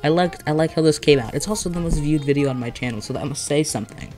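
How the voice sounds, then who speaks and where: A casual vlogger with a mid-range voice, rambling along in a giddy way and often restarting sentences. They talk through a headache in a loose, offhand manner. Soft music plays faintly underneath. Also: medium pitch, fast. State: has a headache. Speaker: video creator. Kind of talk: casual vlog commentary.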